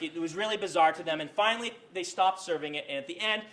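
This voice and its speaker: A man delivers a casual university lecture on writing, rambling with many fillers, restarts and self-corrections. His voice is on the high side and fairly bright, and he talks fast and animatedly with hardly any pauses.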